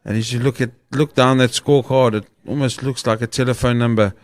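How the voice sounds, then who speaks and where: A man's voice: medium pitch, steady tone, no echo. Male cricket commentator, dry booth sound. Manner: measured analytical summing up. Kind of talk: live sports commentary.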